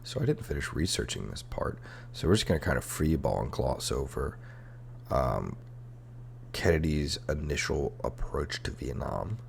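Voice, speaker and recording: A young adult man with an extremely low, vocal-fry voice hosts a comedy history podcast, sounding very animated at a moderate pace over slight background noise. He rants irreverently and casually, full of sarcasm, swearing, and rambling fillers, using headphones and a podcast mic.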